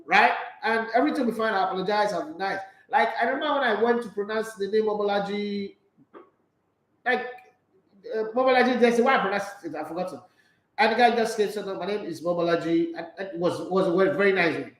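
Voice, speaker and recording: Playful, high-voiced Nigerian man. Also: a little fast, reverberant, poor audio. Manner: playful, animated, slipping into Pidgin. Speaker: sports talk show host. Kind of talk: casual live-stream chat reading viewer comments.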